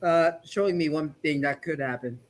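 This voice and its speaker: A young adult robot builder telling stories in a rambling, animated way during a casual livestream chat, voice slightly hoarse. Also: medium pitch, normal speed.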